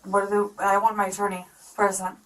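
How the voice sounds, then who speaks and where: A woman's voice: mid-range voice, monotone, a little fast, a bit bright, distant mic, poor audio. A drunk woman talking to police, rambling and defensive. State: intoxicated. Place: outdoors.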